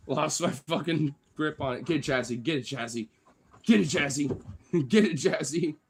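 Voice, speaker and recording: A man streaming live while playing with his pets, excitable, coaxing and teasing them and swearing a lot. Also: fairly high pitch, unhurried, slight background noise. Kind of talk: casual live-stream chat.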